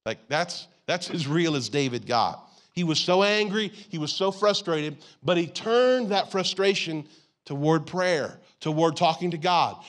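A man's voice: sits high, fairly bright tone. Man, pastor, casual sermon, church auditorium, talks to the crowd like a friend. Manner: conversational preaching with frequent "you gotta" and "like".

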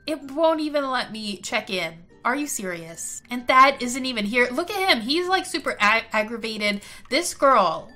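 A woman giving chatty gameplay commentary in an excitable, giggly way. Her high voice has a bright, sharp edge, with faint music playing behind her. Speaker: gaming video host.

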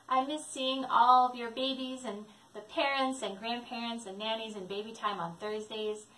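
A woman librarian leading babies and caregivers through songs and rhymes, gentle and encouraging in a sing-song manner. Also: a little high, fairly even intonation, normal speed, few pauses. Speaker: children's librarian leading baby time. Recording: echoey room, distant mic.

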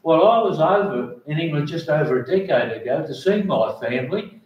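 An older man with an Australian accent asking a speaker rambling, halting questions from an audience. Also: on the high side, lively intonation, muffled recording. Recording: echoey room from far off.

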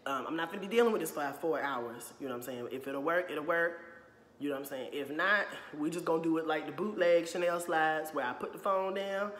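A man's voice: a little high, a little fast, a bit bright. Heated young man vlogging in echoey room. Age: young adult. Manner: heated, repeats "you know what I'm saying"; blunt and profane. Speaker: YouTuber. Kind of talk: casual opinion vlog. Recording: echoey room with long reverb.

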